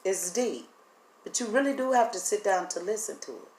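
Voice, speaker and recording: A woman vlogger, speaking earnestly and haltingly to the camera, her voice breaking and teary. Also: mid-range voice, sing-song, a little mellow. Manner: earnest, halting, voice catching with emotion. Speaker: vlogger sharing spiritual impressions. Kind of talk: emotional direct-to-camera talk. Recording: echoey room, faint background hum.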